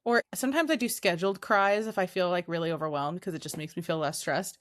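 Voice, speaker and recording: A woman co-hosting a podcast in relaxed, casual chat, peppering her talk with "like". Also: on the low side, fast talker. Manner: relaxed and laid-back, heavy use of "like". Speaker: podcast co-host.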